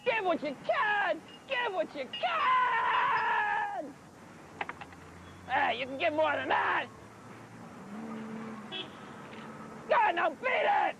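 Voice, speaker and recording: Shrill, slow, gravelly dinosaur Santa, greedy and shouting, loud noise behind. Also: big pitch swings, full character voice. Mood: pushy. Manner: shouting, whining, grabby. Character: greedy skeletal dinosaur posing as a street Santa.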